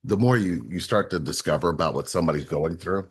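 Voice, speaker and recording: A man's voice: sits low, quick pace, a little hiss or hum. A man co-hosting a talk about relationships, explaining in an earnest way and repeating words for emphasis. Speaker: relationship coach, co-host.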